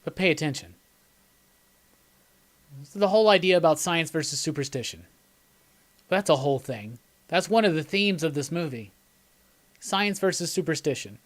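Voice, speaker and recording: This live movie commentary host has a fairly high voice with lively intonation, speaking at normal speed but pausing often. He rambles, laughs and talks enthusiastically with his viewers in a relaxed way.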